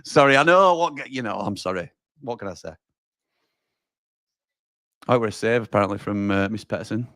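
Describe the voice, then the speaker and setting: Hosting a live football watch-along, a man with a lowish voice speaks at normal speed with long pauses, recorded in studio quality with no room sound. He chats away, reacting loudly to chances on the pitch and reading viewer comments while addressing them as pal and mate.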